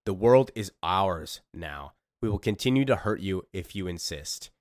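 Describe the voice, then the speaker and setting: A cold demonic herald issues threats in a low, dry voice, as a man reads him. The commanding tone stays close to the mic, with no room around it. It sounds like a comic villain read aloud. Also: lively intonation, measured pace, dry recording. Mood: menacing.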